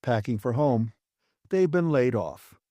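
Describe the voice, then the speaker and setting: A man narrating an audiobook, voicing a male technician who answers in a flat, matter-of-fact way. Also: medium pitch, a little slow, no room sound, natural voice. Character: laconic male beam technician. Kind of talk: audiobook character voice.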